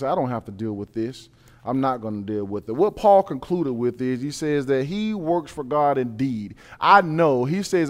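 A man preaching a sermon, reading scripture and building to emphatic, repeated points. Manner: builds from calm reading to loud, high-pitched emphatic preaching.

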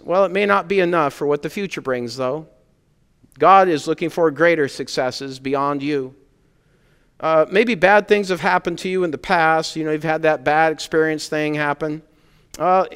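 A man preaching a sermon as pastor to his congregation, earnestly building emphatic points and then dropping to a quiet tone. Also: on the high side, clean tone. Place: church sanctuary. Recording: long hall reverb.

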